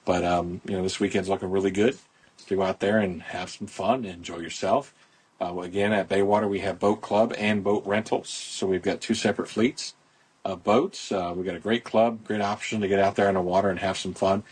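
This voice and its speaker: A man's voice: sits low, steady tone, a little fast, slightly rough. A middle-aged man hosting a casual podcast, talking outdoors into a phone in a rambling, folksy promotional way. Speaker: podcast host, boat club owner.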